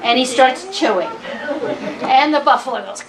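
A woman telling a traditional animal tale to a live audience, in a slow, deliberate way with long pauses. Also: high-pitched, animated, background noise. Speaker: storyteller. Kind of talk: oral storytelling at a live concert. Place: event hall. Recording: distant mic at a live event.

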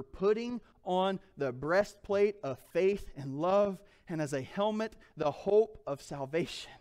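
Man, pastor, high-pitched, emphatic sermon, church. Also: expressive, normal speed, few pauses, darkish tone. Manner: emphatic, calls out to the congregation. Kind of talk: sermon with scripture reading.

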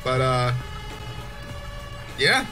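A man's voice: mid-range voice, very animated, very slow, music in the background. A young man giving casual gameplay commentary as a YouTuber, swearing and joking in exasperation. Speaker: gaming YouTuber.

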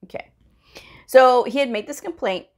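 Brief: woman vlogger, conversational storyteller, quotes dialogue with lively jumps up in pitch, peppers talk with "okay?" and "you know". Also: moderate pace. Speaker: medical coder sharing career advice. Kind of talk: casual storytelling vlog.

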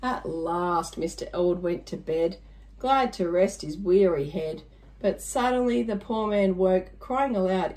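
A woman's voice: fairly low pitch, normal speed, darkish tone. A woman reading a rhyming picture book aloud to children, adding chatty little asides to her listeners.

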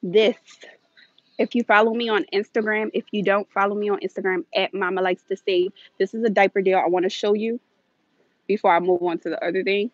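A woman livestreams from inside a big store, chatting to her viewers in a hurried, friendly rush and sounding a little out of breath. Her voice comes through a handheld phone with dull, muffled audio and very little room echo. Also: medium pitch, fairly even intonation. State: slightly out of breath. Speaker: deal-hunting vlog host. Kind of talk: live shopping stream. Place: inside a large retail store.

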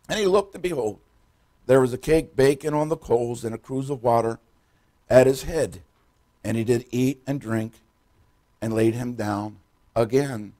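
An older man preaching a sermon in a church, retelling Bible stories dramatically in folksy, direct words, swinging between loud and hushed. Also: medium pitch, normal speed. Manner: folksy, addresses congregation directly. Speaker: pastor. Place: church sanctuary.

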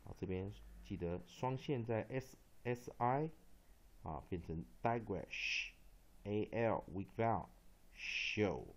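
Taiwanese male phonics teacher, low voice, repeats sounds slowly, lo-fi recording. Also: animated. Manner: slow, drawn-out spelling and repetition of sounds. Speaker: English pronunciation teacher. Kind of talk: spoken phonics lesson. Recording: dull lo-fi recording.

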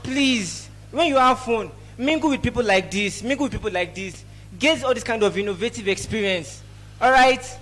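A man with a Nigerian accent doing a lively stand-up set at an event, teasing the crowd and slipping into pidgin. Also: very high voice, moderate pace. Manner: lively, mixes pidgin, teases audience. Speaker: stand-up comedian. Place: event hall.

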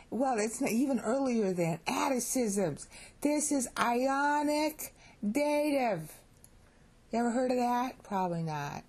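A middle-aged American woman teaching Bible Greek in a casual video lesson. She is chatty and animated, jumps up in pitch when excited, keeps checking in with her listeners and jokes about her own pronunciation.

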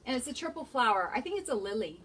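A woman's voice: a little high, big pitch swings, fast, a bit bright, slight background noise. A woman hosting a live shopping stream, chatting and reading out item codes and prices. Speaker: shop host presenting products.

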